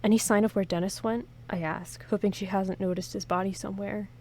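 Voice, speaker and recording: Hosting a playthrough, a woman reads an interactive horror story aloud in first person, her mid-range voice brisk, darkish, and fairly even in intonation, with slight background noise. She delivers it dramatically and breaks off for casual jokes and asides.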